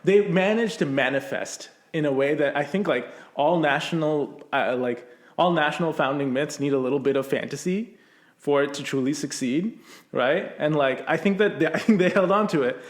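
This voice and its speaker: A man's voice: a little high, moderate pace. A man hosting a casual podcast chat, rambling with lots of fillers as he thinks aloud. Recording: roomy echo.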